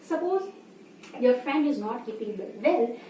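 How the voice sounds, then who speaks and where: A woman's voice: fairly high pitch, animated, measured pace, mellow. A woman teacher with an Indian English accent, explaining grammar in a lesson and often asking "fine?" to check understanding. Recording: echoey room, voice from the mic's distance, faint hiss.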